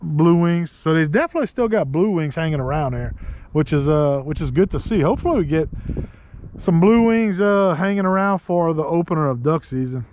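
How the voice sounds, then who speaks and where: A man with a Louisiana accent talks casually from a kayak out on the marsh. His voice sits a little high, and he rambles through friendly asides and laughs easily. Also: a little mellow, a little hiss or hum. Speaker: host. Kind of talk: casual outdoor vlog talk.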